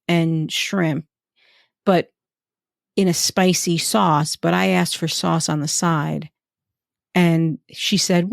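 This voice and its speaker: A woman in casual podcast chat, telling trip stories with quick asides. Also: fairly low pitch, creaky, no echo, studio quality. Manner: chatty storyteller, quick asides. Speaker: podcast guest.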